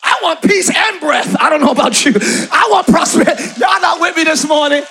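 A man preaching a live sermon in a church, shouting his points and calling on the congregation to answer. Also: very high-pitched, expressive, brisk. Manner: preaching with shouted emphasis and call-and-response to the congregation. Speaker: pastor. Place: church sanctuary.

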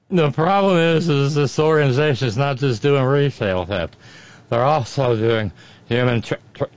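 A man putting on a slurring, rambling woman TV pundit who stumbles over words in outrage, on slightly muffled audio. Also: fairly high pitch. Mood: outraged.

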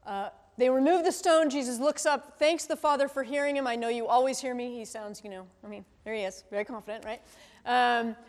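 A woman with a slightly high voice preaches briskly in a conversational style, frequently using tag questions to check in with the congregation as a teacher might. The recording carries the long reverb of a large hall.

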